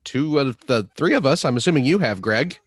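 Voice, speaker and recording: A man co-hosting a gaming podcast, telling a travel story in a jokey, animated way. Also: medium pitch, fairly quick, breathy edge, dry recording, clean studio sound. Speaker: podcast co-host. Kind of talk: casual podcast chat.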